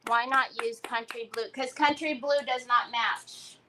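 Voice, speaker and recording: A woman's voice: a little high, fairly even intonation, a little slow, noisy background. A woman hosting a casual crafting livestream, chatting, laughing and greeting viewers by name.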